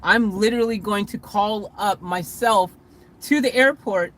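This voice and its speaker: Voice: medium pitch, a little slow, fairly bright tone. A vlogger telling a story casually from inside a van, rambling, correcting himself mid-sentence and chuckling along the way.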